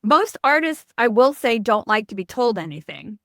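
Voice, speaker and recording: A middle-aged woman from New York, a marketing expert speaking as a podcast guest, blunt and animated, often breaking off mid-sentence. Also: a little high, normal speed, no room sound, studio quality. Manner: blunt, animated, self-interrupting. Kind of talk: casual podcast interview.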